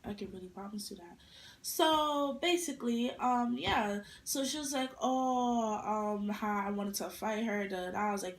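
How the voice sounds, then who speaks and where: A young woman vlogger telling a casual storytime, animated and full of attitude as she acts out quotes. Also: a little high, moderate pace. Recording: echoey room.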